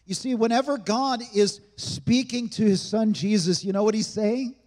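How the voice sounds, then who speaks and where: A man's voice: high voice, moderate pace, darkish tone, in a large hall. A male pastor preaching a sermon in a church, emphatic and conversational, with frequent rhetorical questions to the congregation. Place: church sanctuary.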